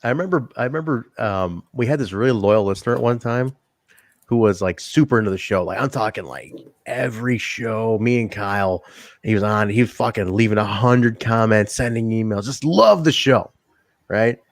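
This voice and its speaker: A man co-hosting a casual wrestling review podcast, animated and profane, laughing often. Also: lowish voice, moderate pace, no echo, clean studio sound. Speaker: podcast co-host.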